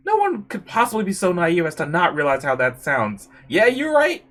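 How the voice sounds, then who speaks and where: A woman's voice: lowish voice, wildly swooping pitch, moderate pace. A woman reading a webcomic aloud who breaks off into amused asides. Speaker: webcomic reader. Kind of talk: casual comic read-aloud commentary.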